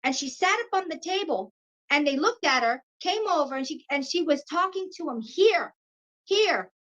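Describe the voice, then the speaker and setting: Brief: woman in her 50s, high voice, animated storyteller, dull lo-fi audio. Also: moderate pace. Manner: animated, acts out quoted voices. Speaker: guest. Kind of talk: personal storytelling. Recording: dull lo-fi sound.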